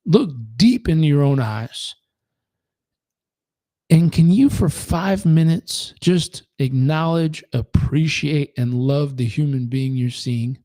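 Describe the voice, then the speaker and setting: A man's voice: on the high side, takes it slowly, dark tone, no room sound, clean studio sound. A man giving a motivational talk as a performance coach, emphatic and full of rhetorical questions.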